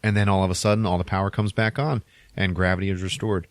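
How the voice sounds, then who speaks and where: A man hosting a podcast, casually retelling a movie plot in an animated, rambling way with sound effects. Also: deep voice, quick pace, no room sound. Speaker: podcast host.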